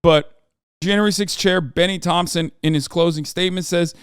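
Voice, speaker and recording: A man's voice: fairly high pitch, brisk, smooth, dry recording, studio quality. A man in his thirties giving casual, profane live-stream commentary on the news and reacting to his chat. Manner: brash, profane, riffing on chat.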